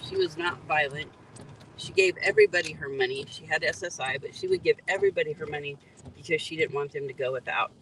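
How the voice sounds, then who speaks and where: A woman's voice: deep voice, fast, a bit bright, low-quality recording. Earnest middle-aged woman, car noise behind. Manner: earnest, detailed, points out spots on the road. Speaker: EMT and grieving mother. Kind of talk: emotional first-person account at a roadside. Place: in a parked car by a road, rainy night.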